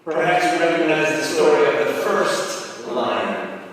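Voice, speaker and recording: A man delivers a motivational keynote to students, spinning stories and throwing questions back at the crowd. His voice sits high and he takes his time with each phrase. He is heard from far off in a big echoing hall. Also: lively intonation, unhurried, fairly bright tone, a little hiss or hum. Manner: storytelling, quizzing the audience. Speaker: keynote speaker. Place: large hall.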